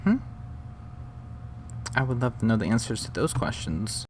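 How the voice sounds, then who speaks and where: Brief: mid-pitched man, snarky reaction commentary, faint background hiss. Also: expressive, moderate pace. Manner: sarcastic, mocking.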